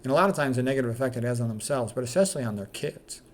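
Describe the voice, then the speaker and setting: A man's voice: medium pitch, expressive, rapid-fire, slight background noise. Middle-aged man musing on quotes. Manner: reads quotes aloud, then comments candidly with fillers. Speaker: doctor sharing quotes. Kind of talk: casual monologue reading quotes.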